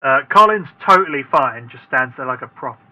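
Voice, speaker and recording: Bright-voiced man narrating as dungeon master. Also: mid-range voice, brisk, rough recording. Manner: relaxed, hesitant narration with many "uh"s. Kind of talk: narrating a tabletop game.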